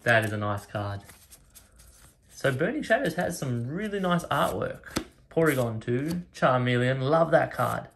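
A man talks slowly and casually into a close mic at a table, calling out each card as he flips through the packs. The crinkle and shuffle of wrappers and cards sits clearly under his voice the whole time, and he perks up over the rare ones. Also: medium pitch, background noise. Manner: reads card names one by one, excited by rare pulls. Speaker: card collector opening packs. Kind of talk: casual pack-opening commentary. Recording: card and wrapper rustling behind voice.

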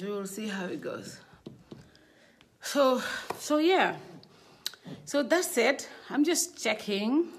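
A woman hosting a casual live stream, chatting, laughing and greeting viewers by name while testing her sound. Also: mid-range voice. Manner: chatty, laughing, reads out viewer names, switches between languages. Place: indoor studio.

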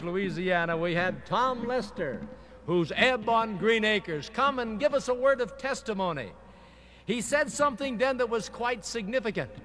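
A man's voice: high voice, fairly bright tone. A man acting as emcee, giving a friendly, announcer-like introduction from a stadium stage, in an old archival live recording. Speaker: rally emcee. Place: outdoor stadium rally.

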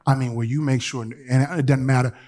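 Here a bishop preaches fairly quickly in a mid-range voice. He tells his congregation stories laced with colloquial asides, moving back and forth between loud, spirited passages and soft, hushed urging.

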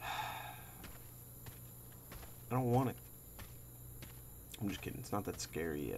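Creaky low-voiced man, jumpy and swearing. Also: lively intonation, slow, long pauses, noisy background. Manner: jumpy, swears a lot, often drops to a scared whisper. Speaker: gamer playing a horror game. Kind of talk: let's play commentary.

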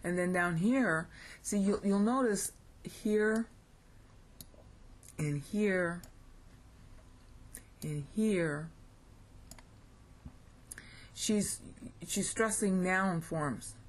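A woman's voice: mid-range voice, extremely slow, pauses often. An American woman giving a casual lesson, reading Greek phrases aloud, thinking aloud and correcting herself as she goes. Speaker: Greek language teacher.

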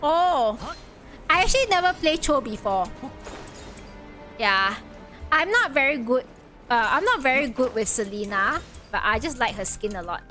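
A woman's voice: high voice, big pitch swings, a little slow, bright, forceful tone. A woman streaming a game, talking to herself in casual chat and breaking into frustrated outbursts and yelps. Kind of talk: casual gaming livestream. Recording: music clearly behind voice. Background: game music.

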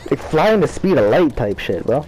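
A man's voice: medium pitch, very animated, moderate pace, a little mellow, faint music behind, poor audio. A young man chatting casually and profanely while playing a game, rambling about superpowers between frustrated outbursts. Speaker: gamer. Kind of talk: casual gameplay commentary.

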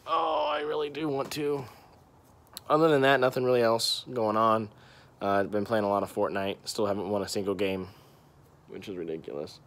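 A man's voice: fairly low pitch, moderate pace. A young man chatting casually in a vlog, rambling and undecided, sweaty and a bit winded after a run, walking outdoors and talking into a handheld phone camera. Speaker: vlogger.

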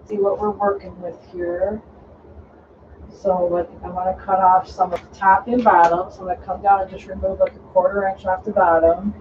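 An easygoing host talks through a sewing project step by step, calm and practical while cutting fabric. The voice sits at an ordinary middle pitch and is picked up from a distance. The sound is dull and lo-fi, with a faint hum of room ambience behind it. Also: moderate pace. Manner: relaxed, instructive, talking while cutting fabric. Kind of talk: casual step-by-step sewing tutorial.

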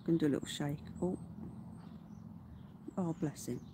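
A woman's voice: deep voice, moderate pace, background noise. Chatty woman streaming outdoors. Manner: chatty, greets viewers, swears casually. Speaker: livestream host. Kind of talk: casual livestream chat. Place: outdoors in a garden.

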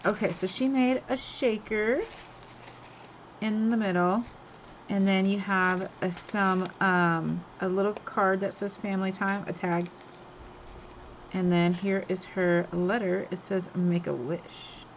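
A woman's voice: medium pitch, fairly even intonation, slow, muffled recording, a little hiss or hum. A woman hosting a craft swap, chatting casually and gushing over each item as she unboxes it, laughing often.

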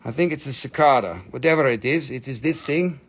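On a live stream selling crystals, a man chats playfully and jokes around, slipping into put-on broken-English voices. His voice is husky, mid-range and brisk.

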